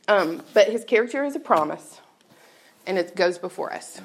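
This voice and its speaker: A woman's voice: mid-range voice, a little fast. A woman giving a candid, conversational personal testimony to a church audience. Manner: conversational, candid, often laughing. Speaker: speaker at a church gathering.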